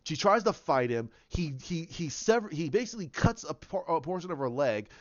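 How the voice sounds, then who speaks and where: A man YouTuber casually retelling a story in a rambling, halting way, on a slightly dull, dry recording. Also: on the high side, sing-song, no echo.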